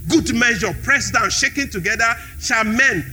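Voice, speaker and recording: A man's voice: extremely high pitch, normal speed, bright, forceful tone, a little hiss or hum. A man preaching a sermon in a church hall, repeating key phrases with emphasis.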